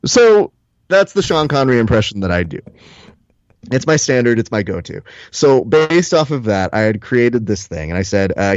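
A man's voice: medium pitch, expressive, normal speed, dry recording. A man co-hosting a podcast in casual chat, joking and rambling with lots of fillers, recorded with a slightly dull lo-fi sound. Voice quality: jokey, rambling, with many "uh" fillers. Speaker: podcast co-host.

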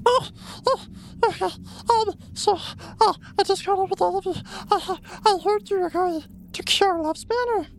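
Brief: a tiny bug-creature girl, squeaky-high, crying and begging. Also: normal speed, hardly any pauses, a little hiss or hum. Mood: pleading tearful. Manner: sobbing, hesitant and pleading. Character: tearful little bug-person girl, timid.

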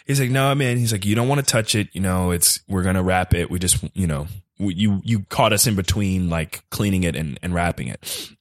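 A man on a studio mic, a podcast guest telling a comedic story casually with lots of fillers, jumping high when he quotes people. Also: fairly quick, no echo. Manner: loose, filler-heavy telling that jumps high for quoted voices.

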